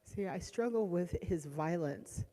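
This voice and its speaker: A middle-aged woman gives an emotional personal testimony in a church. Her voice swings from hushed to loud and strained, and she talks haltingly with restarts. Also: lowish voice, expressive. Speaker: church member giving a testimony. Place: church sanctuary. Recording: long church hall reverb.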